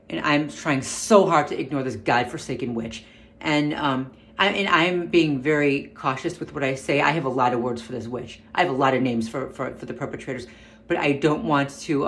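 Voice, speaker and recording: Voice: medium pitch, a bit bright. A vlogger ranting to the camera in barely held-back anger, stumbling and restarting as they speak while they try to keep their temper. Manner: agitated, restrained anger, repeated restarts. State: upset, on the verge of an outburst. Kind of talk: angry personal rant to camera. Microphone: camera mic.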